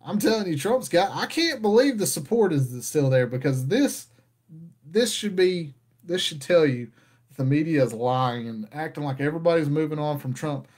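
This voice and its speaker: A man's voice: a little high, expressive, moderate pace, darkish tone. A man hosting a casual rant, talking in an exasperated, conversational way. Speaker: podcast host.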